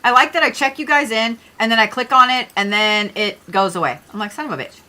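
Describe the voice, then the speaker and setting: Bright-voiced chatty woman streaming. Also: a little high, brisk. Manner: chatty, rambling, swears casually. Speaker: livestream host, astrology reader. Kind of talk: casual livestream chat.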